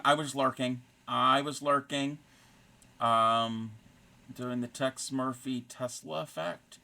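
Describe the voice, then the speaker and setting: Bright, chatty crochet streamer man. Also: medium pitch. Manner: chatty and rambling, full of puns and references. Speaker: crochet streamer and fiber artist. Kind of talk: casual live-stream chat.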